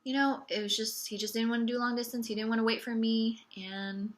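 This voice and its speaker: On her podcast, a woman recounts something personal in a slightly fast, flat delivery with a voice on the high side. Her tone is candid, wry and sarcastic, with ironic repetitions of "it's okay" and frequent fillers like "like" and "you know."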